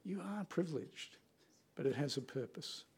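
Gravelly-voiced male preacher. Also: fairly high pitch, lively intonation. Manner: earnest, conversational preaching with dramatic pauses. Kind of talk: sermon.

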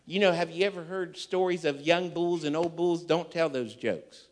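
A pastor in full storytelling mode, his voice sitting a touch higher than most men's. He delivers his sermon with emphasis and drama, swinging from loud declarations to quiet, intimate asides. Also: normal speed.

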